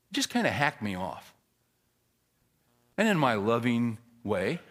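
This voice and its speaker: Male pastor, sermon delivery, lively pitch, punchy emphasis dropping to low asides. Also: measured pace, pauses often. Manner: animated storyteller, swings from loud emphasis to quiet asides.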